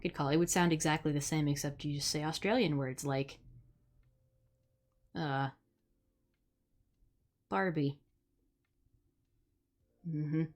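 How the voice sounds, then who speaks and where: Low-voiced blunt woman streamer. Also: steady tone, slow, long pauses. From Midwest United States. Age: young adult. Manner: blunt, sarcastic, swears freely. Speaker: streamer host. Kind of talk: casual live-stream chat.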